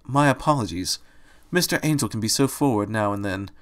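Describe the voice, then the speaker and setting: A man voicing a calm, benevolent old male owl who speaks formally like a scholar. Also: on the low side, brisk.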